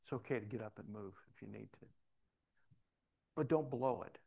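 A man's voice: on the low side, moderate pace, gravelly, warm tone, slightly rough, muffled recording. A man preaching in a church, talking in a folksy, conversational way and telling personal stories. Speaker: pastor. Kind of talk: sermon. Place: church sanctuary.

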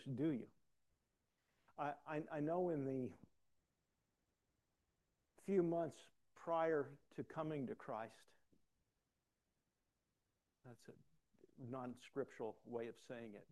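A man's voice: mid-range voice, warm tone. An older man preaching a conversational sermon in a folksy, rambling way, often repeating words as he starts a thought.

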